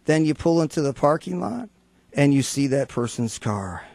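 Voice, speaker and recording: Fairly high-voiced man, radio host. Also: expressive, normal speed, creaky, a little mellow, no echo. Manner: storytelling, acts out quoted voices for humor. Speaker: radio talk show host. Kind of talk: motivational radio talk. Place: radio studio.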